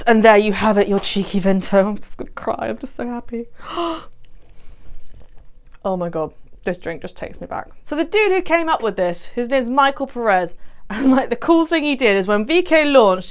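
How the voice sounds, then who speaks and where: A woman's voice: fairly high pitch, clean tone. A young woman hosting a cocktail tutorial, playful and cheeky, swearing freely as she talks viewers through the drinks. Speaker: bartender host.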